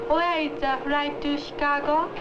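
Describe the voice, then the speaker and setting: Brief: a Japanese traveler, high voice, slow halting English, hissy muffled old film track. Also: female voice, flat delivery. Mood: hesitant. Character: Japanese woman traveler at an airport. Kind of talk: scripted dialogue in an old educational film.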